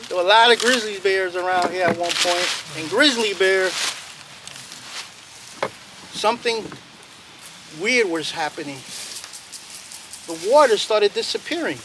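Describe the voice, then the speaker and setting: High-voiced man telling a story outdoors. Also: measured pace, long pauses. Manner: animated, playful, chatting with listeners. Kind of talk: traditional storytelling to a group. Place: outdoors by a road. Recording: loud outdoor traffic noise. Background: traffic noise.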